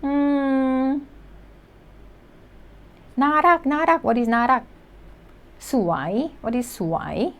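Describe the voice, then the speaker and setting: A woman teaching a recorded language lesson to learners. Her voice sits a little high and moves through a very wide, animated range. She speaks slowly and patiently, repeating each example word as she goes. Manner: slow, deliberate explanations with repeated example words.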